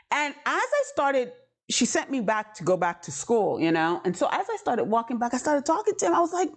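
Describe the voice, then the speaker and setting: A woman's voice: high-pitched, very animated, brisk. A woman preaching a sermon as a personal story, candid and conversational, with frequent asides to the listeners. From New York.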